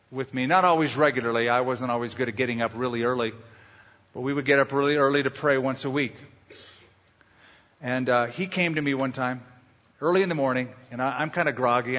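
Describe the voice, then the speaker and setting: A man's voice: medium pitch, a bit bright. Emphatic preacher man, hall echo. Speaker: pastor. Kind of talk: sermon. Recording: lo-fi with long hall reverb.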